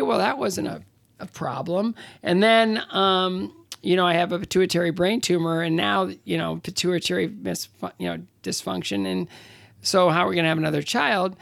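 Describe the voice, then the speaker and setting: A man in his sixties, an interview guest telling stories casually, halting with many fillers and restarts. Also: high-pitched, creaky, no room sound, studio quality. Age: 60s. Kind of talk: casual conversational storytelling.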